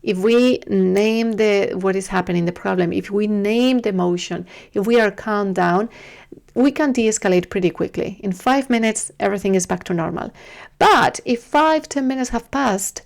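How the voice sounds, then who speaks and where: A woman's voice: medium pitch, normal speed, creaky. Earnest woman giving parenting advice. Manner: earnest, repeats herself, gentle pleading. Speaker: parenting video host. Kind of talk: casual advice talk to camera.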